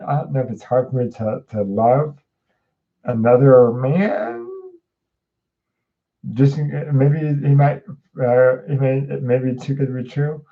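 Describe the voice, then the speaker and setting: A man's voice: medium pitch, phone-quality sound. A man hosting a casual livestream tarot reading, rambling with lots of fillers and restarts as he chats with viewers. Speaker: host.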